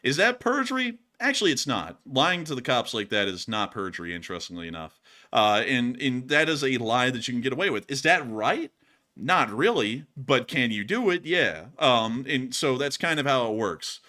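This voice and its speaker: Bright-voiced rambling male commentator. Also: mid-range voice, moderate pace. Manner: rambling, filler-heavy, animated. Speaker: co-host. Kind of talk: casual political commentary.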